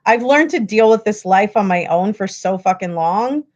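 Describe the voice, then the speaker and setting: A woman's voice: medium pitch, lively intonation, moderate pace, darkish tone, highs cut off. A woman hosting a livestream, ranting at her viewers in a frustrated, profane way. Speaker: livestream host.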